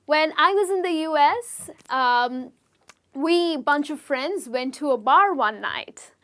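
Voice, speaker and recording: A young Indian woman, an English teacher, explains slang expressions in a chatty video lesson, using stories and often checking in with "okay?". Her voice is high and a bit bright, with lively intonation, and she takes things slowly.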